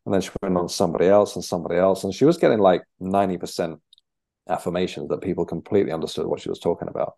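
A young man, a podcast guest, telling his story in a halting conversational way with many restarts. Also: sits low, creaky, warm tone. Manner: halting, with frequent restarts and fillers.

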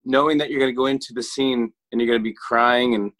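A man in his forties, hosting a talk show and interviewing a guest in a relaxed way, laughing along and using fillers. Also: medium pitch, fast. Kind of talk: casual interview.

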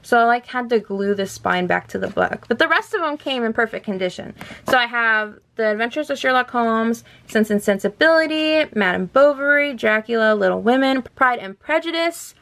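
A woman's voice: a little high, lively intonation, moderate pace, fairly bright tone. A young woman chatting casually in a book vlog, gushing and chatty as she shows her shelves at home. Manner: gushing and chatty, often laughs. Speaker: book vlogger. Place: home room by a bookshelf.

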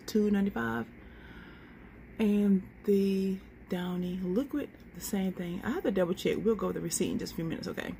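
Speaking to camera in a relaxed deal walkthrough, this woman vlogger goes through coupon prices one item at a time and throws in "y'all." Her voice is medium in pitch, creaky, and dark, with a little hiss or hum underneath.

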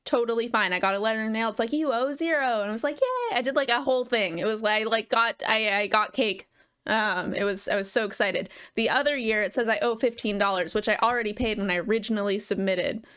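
A woman's voice: mid-range voice, quick pace, fairly bright tone, smooth. A woman from the United States, chatting casually as a live game streamer, rambling and laughing often. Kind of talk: casual live gaming chat.

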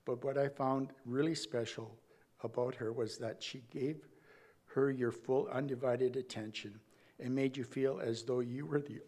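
A man giving a eulogy in a church, reading from notes at a measured pace with small slips and restarts. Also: mid-range voice, steady tone, mellow. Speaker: family member giving a eulogy.

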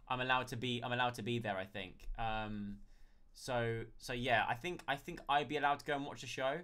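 A man's voice: medium pitch, sharp tone. A man chatting casually on a live stream, thanking viewers one by one and answering their questions.

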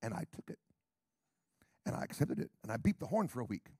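A middle-aged American man, a pastor, preaching a brash, sarcastic sermon that swings from quiet asides to shouts. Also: medium pitch, big pitch swings, a little fast, slightly rough, dry recording, clean studio sound. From United States.

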